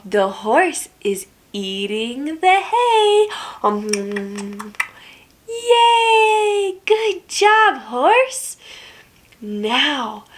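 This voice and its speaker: Very slow, animated high-pitched woman. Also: a little hiss or hum. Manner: exaggerated gasps and cheerful praise; hushed whispers at bedtime. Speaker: toddler speech teacher. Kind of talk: slow sing-song toddler teaching.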